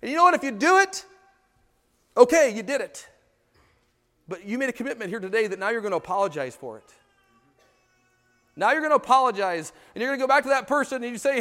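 A man preaching a sermon with passion, swinging between loud pleading and hushed asides, and asking the congregation rhetorical questions. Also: extremely high pitch, sing-song, quick pace, pauses often. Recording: long reverb of a church hall.

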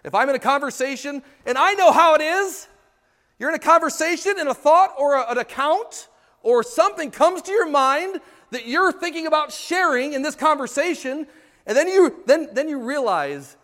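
A man preaching a sermon with passion, swinging between loud pleading and hushed asides, and asking the congregation rhetorical questions. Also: extremely high pitch, expressive, moderate pace. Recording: long reverb of a church hall.

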